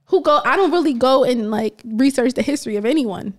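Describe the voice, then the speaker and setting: A woman's voice: high voice, a little fast. A woman co-hosting a podcast, talking bluntly in casual chat and laughing often. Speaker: podcast co-host.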